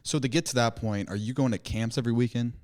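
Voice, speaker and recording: A man hosting a casual interview, asking quick, curious questions. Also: medium pitch, a little mellow, no echo, studio quality. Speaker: podcast host.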